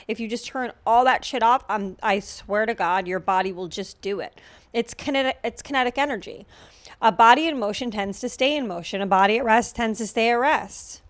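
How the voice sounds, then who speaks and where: A woman's voice: on the high side, a little fast, dry recording. A woman hosting a podcast in a casual chat, sarcastic and profane, with lots of filler words. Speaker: podcast host.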